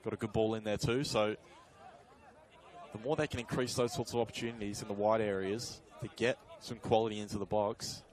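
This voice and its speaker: A man providing colour commentary on a live football match, talking through the play in a conversational, analytical way, with fillers and quick self-corrections. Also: fairly low pitch, fairly even intonation.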